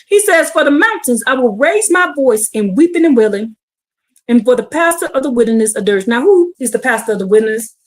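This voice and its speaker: A woman teaching a streamed bible class, reading scripture and preaching it out in slang, building to shouts. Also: on the high side, animated, a little fast.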